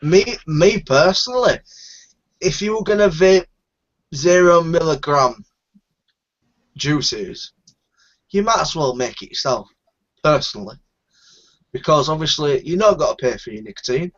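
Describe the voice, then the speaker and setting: A man's voice: fairly high pitch, animated, a little slow, long pauses. A man from northern England, host of a casual live group chat, talking bluntly and swearing freely. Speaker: show host. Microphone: video call. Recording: dull lo-fi online call audio.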